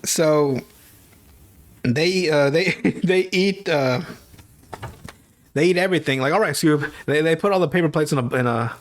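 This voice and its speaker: Casting: a male podcast host, loose and profane, laughing through a story, voice a bit high. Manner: profane, laughing storyteller who slips into quick character voices. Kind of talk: casual podcast chat.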